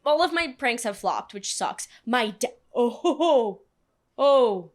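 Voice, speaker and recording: A young woman co-hosting a podcast, telling stories in a casual chat and acting out quotes with big jumps in pitch. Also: lively intonation, slow pace. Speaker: podcast co-host. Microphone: podcast studio mic.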